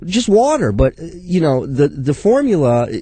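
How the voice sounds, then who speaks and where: A man co-hosts a radio show and rants crudely and indignantly about people he has seen on TV. His voice sits a little high, and it is recorded dry and close to the mic. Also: sing-song, moderate pace, mellow, slightly rough, dry recording. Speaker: radio co-host. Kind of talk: casual radio banter.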